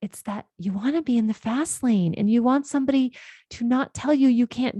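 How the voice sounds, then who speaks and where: Warm-voiced woman coach talking earnestly. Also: high-pitched, fairly quick, no room sound. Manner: earnest, explanatory, often adds "right?" tags. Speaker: life coach and podcast host. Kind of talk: conversational podcast monologue.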